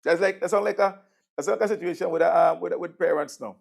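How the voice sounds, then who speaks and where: A man with a Vincentian accent hosting a political talk show, sardonic and conversational, swinging between loud jabs and murmured asides. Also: high voice, quick pace, creaky. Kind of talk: political commentary.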